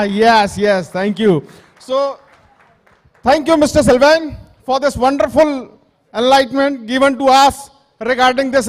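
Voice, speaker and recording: A man emceeing a live event with energy, switching between languages mid-sentence. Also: very high voice.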